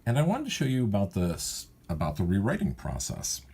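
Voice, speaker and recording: A man's voice: on the low side, huge pitch swings, a little fast, creaky, warm tone, breathy edge. A male cartoonist casually walks through how he writes his gags, thinking aloud and often correcting himself. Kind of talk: casual walkthrough of his writing process.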